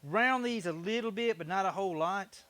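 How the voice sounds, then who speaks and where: A middle-aged man with a bright, fairly high voice talks loosely with viewers on a woodworking stream, cracking jokes and thanking new followers. He rambles as he works at the bench. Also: moderate pace, dry recording. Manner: chatty, joking, thanks viewers often. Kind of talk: casual live-stream chat while working.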